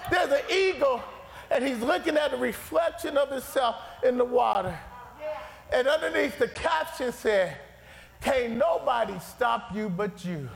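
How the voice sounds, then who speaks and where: A man preaching a fiery sermon with a gravelly voice, shouting and repeating his phrases with passion. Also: extremely high pitch, animated, unhurried. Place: church sanctuary. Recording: reverberant hall with faint congregation.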